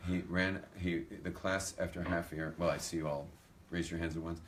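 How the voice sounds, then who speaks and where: A man's voice: low voice, brisk, slight background noise. A rabbi telling funny anecdotes to an audience, acting out the dialogue as he goes. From United States. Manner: animated anecdotal storytelling, acts out dialogue. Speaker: rabbi giving a talk. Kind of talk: storytelling talk to a live audience.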